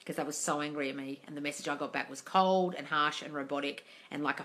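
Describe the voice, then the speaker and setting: Bright-voiced woman swearing through a live Q&A. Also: sits low, steady tone, fast talker, hardly any pauses. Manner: blunt, swears freely, calls viewers darling. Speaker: manifesting coach answering live questions. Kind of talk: casual live-stream Q&A reading comments.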